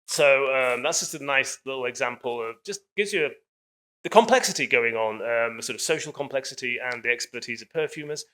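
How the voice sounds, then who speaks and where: A man's voice: medium pitch, a little fast, a bit bright. A man giving a public lecture, telling stories in an enthusiastic, chatty way with frequent fillers.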